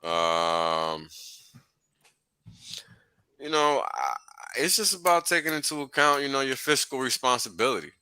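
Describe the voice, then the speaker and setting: A man with a bright, forceful voice hosting a casual live chat. His pitch swings widely as he gets excited, and he laughs often. The sound is dry and close, with no room around it. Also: a little slow, long pauses, clean tone, dry recording. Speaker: host.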